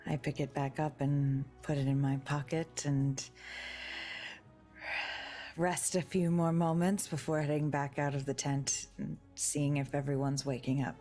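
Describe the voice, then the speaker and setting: Woman player, matter-of-fact, low voice, slow. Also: steady tone, dark tone, soft background music. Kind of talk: describing her character in a tabletop game.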